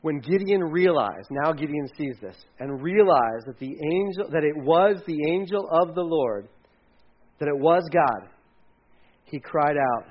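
A man preaching a sermon in a casual, animated way, acting out quotes and sometimes dropping his voice low. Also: a little slow, muffled recording. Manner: conversational, animated, acts out quotes, drops to hushed tones. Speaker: pastor.

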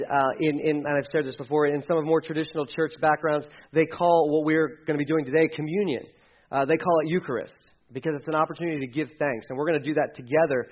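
A fairly high-voiced man preaching a lively sermon, playing out little quoted voices as he goes and dropping from loud to hushed. The sound is dull and lo-fi. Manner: animated, acts out quoted voices, swings loud and quiet. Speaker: pastor.

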